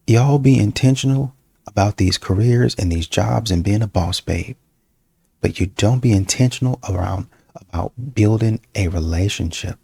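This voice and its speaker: A man's voice: lowish voice, normal speed, gravelly, mellow, husky, no room sound. A man giving blunt, preachy relationship advice straight to his viewers in a casual monologue. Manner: preachy, direct, addresses viewers as y'all. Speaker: dating commentary host.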